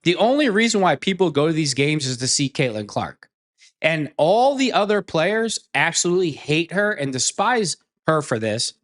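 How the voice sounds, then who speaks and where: A man's voice: on the high side, sing-song, normal speed, a bit bright. A man giving a heated opinion rant as an online commentator, blunt and profane, repeating phrases for emphasis.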